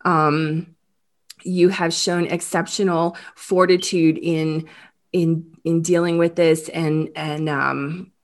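A woman hosting an interview, talking haltingly with many restarts, close to tears. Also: low-pitched, flat delivery. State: emotional, near tears. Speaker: host. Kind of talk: emotional interview about a crime case.

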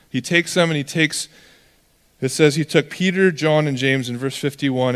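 A young man preaching a sermon as pastor, in a conversational, animated way that acts out characters. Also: mid-range voice, clear, resonant tone. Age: young adult. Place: church hall. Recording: long reverb of a church hall.

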